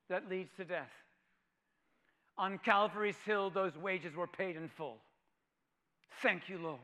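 High, bright-voiced man preaching a sermon. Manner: dramatic swings from loud proclamation to hushed near-whisper; repeats phrases for emphasis and asks the audience questions.

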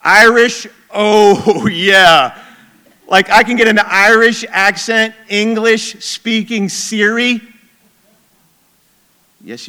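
Casting: male pastor with a high, bright voice, preaching in an easy, conversational way. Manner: conversational preaching, drops to quiet intensity. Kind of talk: sermon.

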